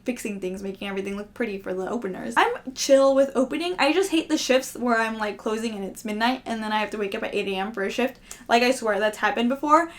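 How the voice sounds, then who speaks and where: A young woman vlogger in casual, rambling, self-deprecating chat to camera, often laughing. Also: fairly high pitch.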